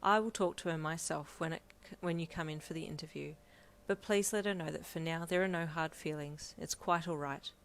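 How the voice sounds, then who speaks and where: A woman voicing a polite, businesslike male newspaper editor on the phone in an audio fanfiction, formal and even. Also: deep voice, brisk, gravelly.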